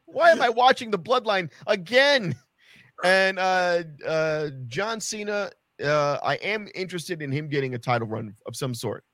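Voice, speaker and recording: Animated sarcastic man, higher voice. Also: a little slow, dry recording, studio quality. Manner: animated, sarcastic, swears freely. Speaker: podcast co-host. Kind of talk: casual wrestling chat.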